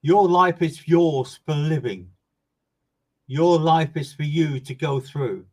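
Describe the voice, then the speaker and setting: A man's voice: a little high, slow pace, rough recording. Earnest man giving readings. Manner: earnest and emphatic, repeats words and phrases for stress. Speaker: medium. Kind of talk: live online mediumship reading addressing viewers by name.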